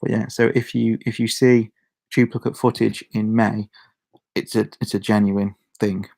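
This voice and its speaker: A man's voice: on the low side, level tone, moderate pace, creaky, a little mellow. A young man with a Shropshire accent chatting casually to his channel's viewers, rambling, restarting sentences and chuckling. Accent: Shropshire English. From Shropshire, England. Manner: rambling, self-interrupting, chuckles a lot. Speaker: YouTuber. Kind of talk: casual chat to camera.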